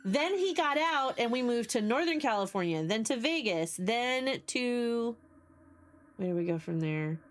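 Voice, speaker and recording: A woman's voice: fairly high pitch, lively intonation, a little slow. A woman in her forties from the United States, a livestreamer who chats casually with her viewers and rambles through stories while answering chat. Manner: chatty, rambling storyteller, greets and answers chat.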